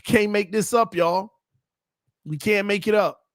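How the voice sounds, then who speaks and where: Excitable high-voiced man calling plays. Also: unhurried, no room sound, studio quality. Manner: excitable, jumps between hyped play-calling and low muttering asides; casual slangy banter with viewers. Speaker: sports watch party host. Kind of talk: live game commentary and chat.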